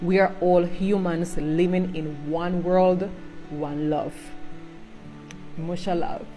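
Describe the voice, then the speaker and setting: A woman's voice: on the low side, steady tone, takes it slowly, mellow, soft background music. Cuban woman with Jamaican-Spanish accent. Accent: Jamaican English with Spanish mixed in. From Cuba. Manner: earnest, pleading, switches into Jamaican patois. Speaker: social media creator. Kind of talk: heartfelt personal monologue.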